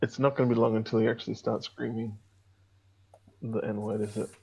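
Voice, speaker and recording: A man's voice: fairly low pitch, level tone, brisk, vocal fry, mellow, slightly rough, highs cut off. A man with an upper-class Australian accent, a guest in a casual chat, wry and laid-back.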